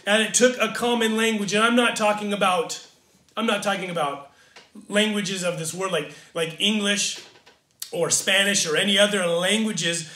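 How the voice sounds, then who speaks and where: A man's voice: high-pitched, sharp tone, reverberant. A man from Southern California preaching a sermon as pastor, earnest, often repeating and restarting phrases. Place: church in Pacific Northwest.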